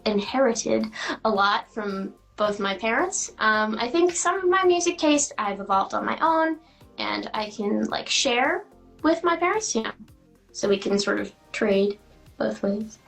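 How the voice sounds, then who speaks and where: A woman's voice: on the high side, expressive, unhurried, gravelly, fairly bright tone, faint music behind, rough recording. Giggly teenage girl actress. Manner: giggly, chatty with many fillers. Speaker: guest actress. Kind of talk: casual interview answers.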